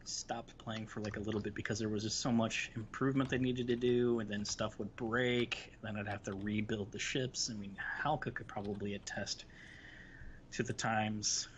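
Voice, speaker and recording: A man with a fairly low voice and fairly even intonation talks at a moderate pace while hosting a live game stream. He chats casually and reminisces in a rambling way, with many restarts and fillers, over slightly dull stream audio with a faint hiss.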